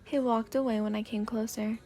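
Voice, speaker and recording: A woman voicing a calm, stern teenage boy. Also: fairly high pitch, brisk, faint music behind, lightly acted. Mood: calm, firm. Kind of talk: soft-spoken ASMR fanfic reading.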